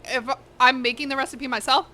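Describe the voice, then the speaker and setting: She speaks a little fast in a high, sharp voice whose intonation stays fairly level. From her home kitchen she hosts a cooking live stream, eating as she talks frankly and casually with viewers, swearing often and sometimes mumbling through mouthfuls.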